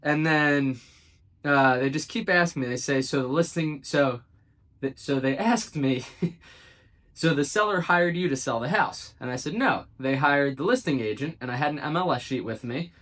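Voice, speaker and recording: A man's voice: a little high, moderate pace, a bit bright. A man, a real estate agent, casually tells a story to camera. He acts out the quoted dialogue and drops dry, sarcastic asides. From South Jersey, United States.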